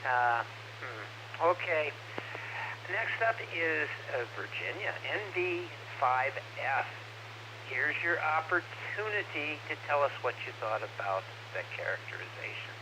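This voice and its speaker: A man hosting a ham radio net, thanking speakers and calling the next one in a relaxed, joking way. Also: a little high, a little slow. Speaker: net control host. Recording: noisy ham radio transmission.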